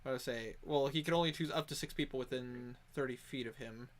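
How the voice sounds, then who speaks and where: A man's voice: medium pitch, fairly quick. A man running a tabletop game as game master over voice chat, rambling with many fillers and restarts. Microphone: online voice chat.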